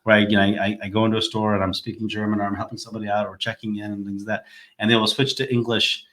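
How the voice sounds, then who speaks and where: A man hosting a podcast, telling stories in an animated way and acting out what people said, with frequent laughs. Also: on the low side, rapid-fire. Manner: animated storyteller, acts out quotes, laughs often. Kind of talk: casual podcast conversation.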